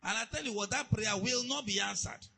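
A man preaching a sermon to a church, calling out questions and leading the congregation in shouted declarations. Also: sits high, a little fast, creaky, husky, low-quality recording. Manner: call-and-response, building to shouted declarations.

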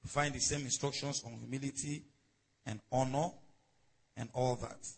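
A man's voice: medium pitch, steady tone, moderate pace, gravelly, slightly rough, poor audio. A man preaching a sermon in a conversational way, calling on the congregation to respond. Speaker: pastor.

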